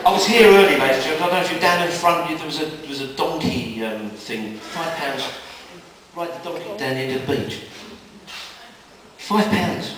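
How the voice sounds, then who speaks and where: A man doing stand-up, telling jokes in a brisk storytelling manner and jumping his pitch up for quoted characters. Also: pushed and bright, a little hiss or hum. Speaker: stand-up comedian. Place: live comedy venue. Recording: echoey live room, mic at a distance.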